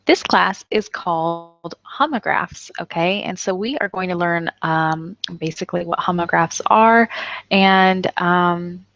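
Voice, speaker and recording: A woman teaching an English lesson in a chatty way with many fillers, slowing down to demonstrate words. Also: on the low side, fairly bright tone, dry recording, highs cut off.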